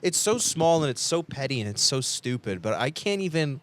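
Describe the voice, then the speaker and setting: A man's voice: medium pitch, big pitch swings, normal speed. A man hosting a podcast, reacting bluntly and with disbelief, swearing and laughing often. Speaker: podcast host. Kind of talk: casual podcast chat.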